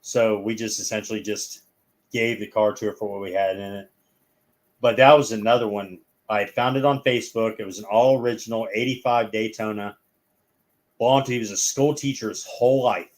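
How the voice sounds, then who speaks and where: A man's voice: lowish voice, steady tone, fairly quick. A man telling long stories as a guest in a casual chat, rambling and acting out the people in them.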